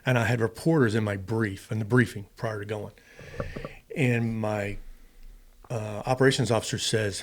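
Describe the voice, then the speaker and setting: During a storytelling interview, a middle-aged man who used to be a fighter pilot speaks at a moderate pace with a low-ish voice. He animatedly acts out quotes, stressing what people told him.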